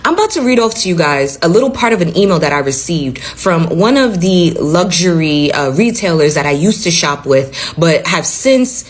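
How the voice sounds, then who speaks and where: Husky woman ranting bluntly in a vlog. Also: lowish voice, big pitch swings, moderate pace, few pauses. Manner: blunt, profane, emphatic, repeats points. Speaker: social media commentator. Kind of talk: casual vlog rant.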